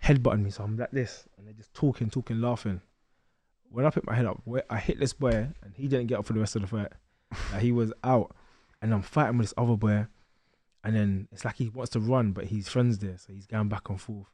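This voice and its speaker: A young man telling a lively story as a podcast guest, acting out the voices of others. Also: fairly low pitch, brisk, no echo. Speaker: guest boxer.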